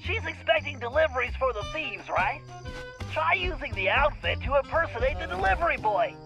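A very high, fretful nerdy turtle genius. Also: male voice, very animated, bright, forceful tone, full character voice. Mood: excited. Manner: fretful, quick, know-it-all. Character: nerdy anxious male turtle genius sidekick. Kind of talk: video game voice acting. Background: game music.

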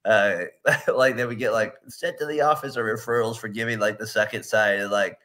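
A man's voice: fairly low pitch, fairly even intonation, a little fast, a loud crowd. A man in his late thirties, a podcast co-host and teacher, telling rambling stories in casual chat with plenty of fillers. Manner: rambling storytelling with laughs and fillers.

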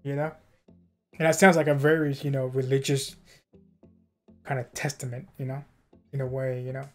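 A man's voice: mid-range voice, flat delivery, moderate pace, faint music behind. Hesitant man musing in casual chat. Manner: hesitant, hedging, many "I don't know"s. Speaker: co-host of a reaction channel. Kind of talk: casual reaction discussion.

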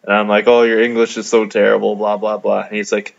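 Flat, gravelly young man telling a gaming story. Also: fairly low pitch, fairly quick. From Canada. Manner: laid-back, amused, many fillers. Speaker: gamer narrating a video. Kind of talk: casual storytelling over gameplay. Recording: dull lo-fi mic.

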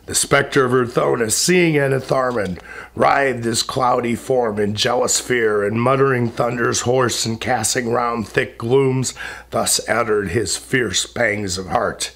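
A man recites epic verse in a solemn, measured voice. He takes a very slow pace, letting each line land, at a mid-range pitch. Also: a bit bright.

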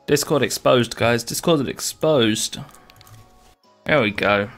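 A man's voice: mid-range voice, slow pace, fairly bright tone. A man casually commenting while he plays a game on stream, with sarcastic and crude joking asides. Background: faint game music.

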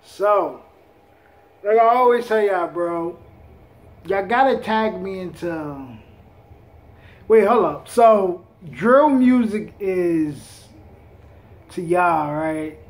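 A man's voice: high voice, expressive, drawn-out words, long pauses. A man hosting a reaction video, chatting casually in heavy street slang with a laid-back drawl.

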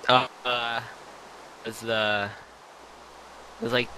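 A man's voice: medium pitch, level tone, takes it slowly, pushed and bright, poor audio. Wisecracking man on hissy voice chat. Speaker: player on the server. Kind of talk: casual gaming chat.

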